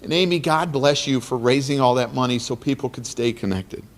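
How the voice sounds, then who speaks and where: Male guest speaker, mid pitch, heartfelt preacher-like cadence, hall echo. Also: brisk. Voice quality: earnest, preacher-like cadence with repetitions. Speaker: guest speaker at awards dinner. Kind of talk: emotional motivational speech. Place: banquet hall. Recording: long hall reverb.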